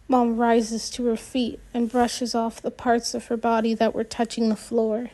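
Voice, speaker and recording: A woman narrating an audiobook in the first person, reading gently with the odd restart. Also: a little high, completely flat delivery, a little slow, few pauses.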